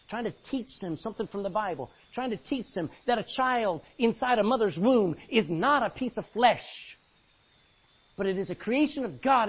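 A man's voice: sits high, husky, muffled recording. A man preaching a sermon in an emphatic way, repeating phrases and calling out for amens.

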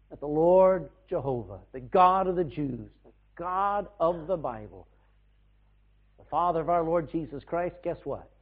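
A male preacher with a high, lively voice that leaps between shouted bursts and hushed asides as he tells stories. The sound is thin and tinny, like it came over a phone line. His delivery stays animated and expressive throughout. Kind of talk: sermon.

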